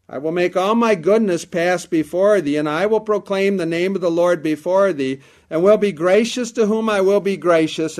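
A man preaching a sermon in an earnest, deliberate way, building emphasis through lists of words. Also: high voice, darkish tone.

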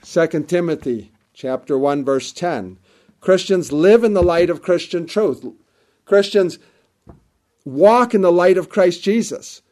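A man's voice: sits high, a little slow, dark tone. A man preaching a sermon with an emphatic, repetitive cadence, quoting scripture at length.

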